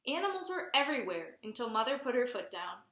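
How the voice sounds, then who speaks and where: A woman reading a picture book aloud in a clear, expressive storytelling manner. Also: fairly high pitch, a little fast, reverberant. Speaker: reader.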